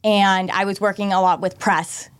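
Boston news reporter lady chatting on a podcast, mid pitch, lots of likes. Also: little pitch movement. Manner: chatty, quick laughs, lots of "like". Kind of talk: casual podcast chat.

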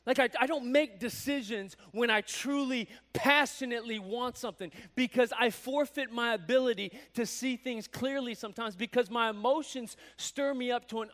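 A man preaching a sermon in a conversational, animated way, acting out quoted voices as he goes. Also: very high voice. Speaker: pastor.

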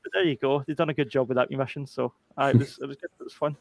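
Fast-talking man, rambling. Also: medium pitch, gravelly, dry recording. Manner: rambling, animated storytelling with many fillers and restarts. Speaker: podcast panelist. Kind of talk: casual chat.

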